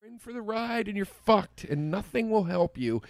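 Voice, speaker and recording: A man's voice: high voice, animated, normal speed, creaky, dry recording. A man co-hosting a comedy podcast, riffing with crude wisecracks. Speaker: podcast co-host.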